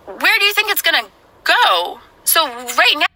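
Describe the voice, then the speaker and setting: A woman's voice: high-pitched, very animated, a little slow, pushed and bright, poor audio. A woman speaking earnestly straight to the viewer in a played clip. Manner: earnest, lectures the viewer directly. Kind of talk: earnest direct-to-camera address.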